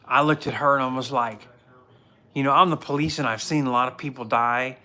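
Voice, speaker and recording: Brisk and steady, with a medium pitch and a bright, forceful tone, this is a man in his forties. He's a police officer running a casual home livestream, where he tells earnest, meandering stories that often start over.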